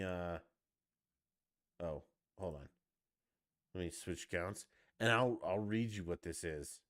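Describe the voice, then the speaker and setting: A man's voice: fairly low pitch, no room sound, studio quality. A man on a live stream, ranting heatedly with heavy profanity about his sports team. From Denver.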